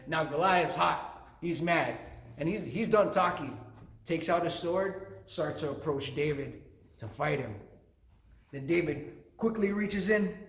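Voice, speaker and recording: A man's voice: sits high, reverberant. Playful man telling a Bible story. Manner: playful, jokey asides. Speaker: youth minister.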